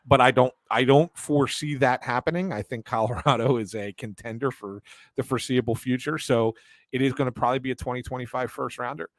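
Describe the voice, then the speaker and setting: A man's voice: mid-range voice, brisk, dry recording. A man co-hosting a casual sports talk show, working through his analysis at length and restarting his sentences often. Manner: analytical, explains at length with many fillers and restarts.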